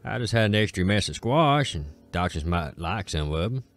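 A man with an Appalachian accent voicing a polite, uneasy young man in a folk tale, speaking softly. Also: low-pitched, big pitch swings, moderate pace, soft background music.

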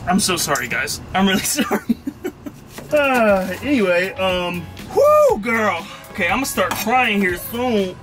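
Casting note: high-pitched male vlogger, jokey and rambling, cooking in a van with music behind. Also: lively intonation, a little slow. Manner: jokey, rambling, self-mocking. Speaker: vlog host. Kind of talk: casual cooking vlog. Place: inside a van in a parking lot.

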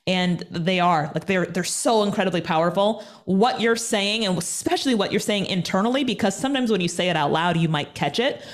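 Brief: woman motivational guest, punchy and emphatic, mid-pitched, heard over a video call. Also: fairly quick, hardly any pauses. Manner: emphatic, energetic, repeats points for effect. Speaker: interview guest, TV personality and speaker. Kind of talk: motivational interview talk.

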